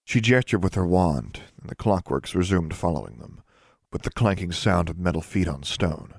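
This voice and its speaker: A man narrating a fantasy audiobook in a steady, measured storytelling manner. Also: sits low, vocal fry, no room sound, clean studio sound. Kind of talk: scripted narration.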